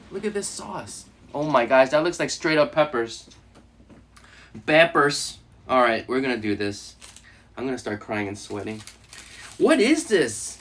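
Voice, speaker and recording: Animated, joking male streamer. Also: a little high, slight background noise. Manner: animated, joking, laughing often. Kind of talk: casual live stream chat while eating.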